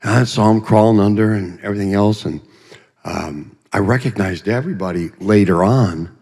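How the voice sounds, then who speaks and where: A man's voice: lowish voice, moderate pace, a little mellow. A man giving a guest testimony in a church, telling his story in a folksy, humorous way with vivid asides. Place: church sanctuary. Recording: long reverb of a church hall.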